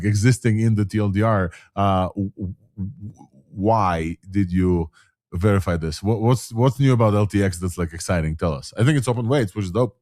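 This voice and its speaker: A man's voice: on the low side, darkish tone, no echo, clean studio sound. A man hosting a casual live tech talk show, rambling with many fillers and restarts. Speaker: host.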